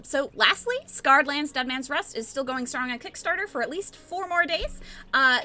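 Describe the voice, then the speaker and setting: A woman hosting a tabletop game stream, reading out announcements in a casual, rambling way. Her voice is high and bright, and she chats along easily. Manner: chatty, rambling with fillers. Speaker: stream host.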